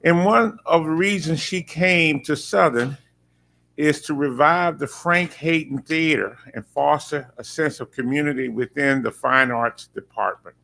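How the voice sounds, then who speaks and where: A man's voice: on the high side, a little slow, gravelly, bright, forceful tone. A man, a university official, formally introducing a student at a board meeting and reading a prepared tribute with occasional filler-laden asides.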